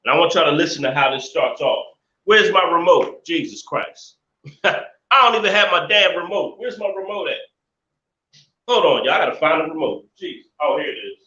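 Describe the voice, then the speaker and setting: A man's voice: a little high, animated, moderate pace, pushed and bright. A man hosting a live stream, ranting indignantly and repeating himself in casual commentary. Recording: echoey room, dull lo-fi sound.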